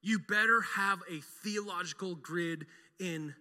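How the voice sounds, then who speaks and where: Middle-aged man, pastor; emphatic sermon, high and very bright voice. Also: a little slow, long reverb tail. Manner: emphatic, leads call-and-response with the congregation.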